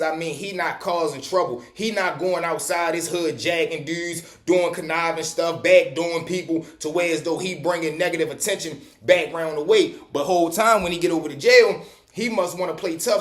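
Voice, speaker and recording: A man telling a prison story in casual street slang, swearing freely. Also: sits high. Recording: echoey room.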